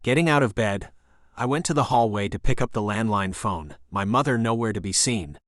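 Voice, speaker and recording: A man's voice: fairly low pitch, animated, a little fast, fairly bright tone, no room sound. Male audiobook narrator, dry close sound. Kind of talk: scripted romance audiobook narration.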